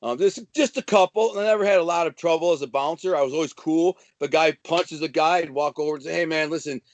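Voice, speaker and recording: A man from Detroit, a guest telling swaggering, animated stories in casual chat, full of profanity. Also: fairly high pitch, quick pace. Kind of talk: casual storytelling.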